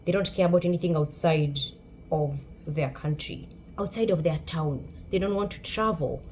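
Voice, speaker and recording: A woman from Kenya with a Kenyan accent, speaking a little low for a woman. She gives a sarcastic, emphatic commentary for her vlog. Faint background noise runs under her voice. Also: moderate pace, darkish tone. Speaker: YouTube commentator.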